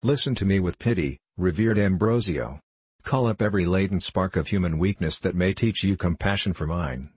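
A man's voice: deep voice, moderate pace, a little mellow, husky, no room sound. A man reading the part of an anguished young novice monk, in an impassioned, faltering, pleading voice.

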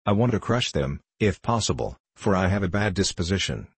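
A huge, grumpy storybook rock monster, as a male narrator puts it on, talking harshly through clenched teeth. The voice is low and husky, full of reproach and polite menace. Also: sing-song, a little fast, no room sound, heavily acted. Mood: grumbling.

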